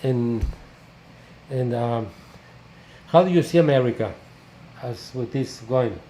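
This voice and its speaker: A man hosts a relaxed parish interview, tossing in little tag questions as he talks. His voice is mellow and dark. The room rings with echo, and a faint noise sits underneath. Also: mid-range voice, takes it slowly. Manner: switches between English and Spanish, tag questions. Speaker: parish priest and host. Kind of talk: casual bilingual interview.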